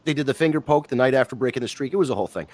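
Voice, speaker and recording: Man, casual stream chat, rambling, animated, mid-pitched voice. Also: rapid-fire, no room sound. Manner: rambling, animated, restarts sentences. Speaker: wrestling podcast co-host.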